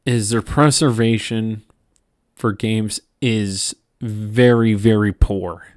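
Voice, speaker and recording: A tired man hosting a gaming channel, ranting in a halting, profane monologue with frequent restarts. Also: fairly low pitch, steady tone, darkish tone, no echo, clean studio sound. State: tired from lack of sleep.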